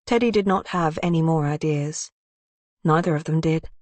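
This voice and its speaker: A woman narrating a crime thriller audiobook in an even, measured way. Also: low voice, no room sound.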